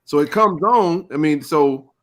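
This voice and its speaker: A man's voice: on the high side, a little slow. Slangy man hosting a live chat. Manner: animated, slangy, repeats himself. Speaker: host of a live sports chat stream. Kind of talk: casual chat.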